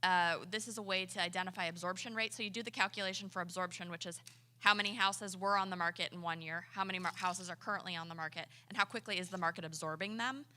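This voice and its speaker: A woman real estate agent at a conference, quickly explaining a pricing method with small restarts along the way. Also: on the low side, steady tone, pushed and bright.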